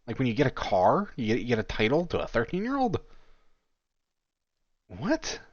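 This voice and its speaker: A man's voice: medium pitch, huge pitch swings, moderate pace, dry recording, muffled recording. A man giving casual commentary on a chat log, mocking and incredulous, and swearing freely.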